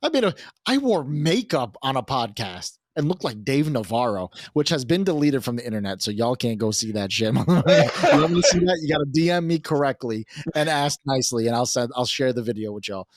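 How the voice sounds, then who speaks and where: A man hosting a casual podcast, telling a story in an animated, profane way. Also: mid-range voice, brisk, no room sound, clean studio sound. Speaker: podcast host.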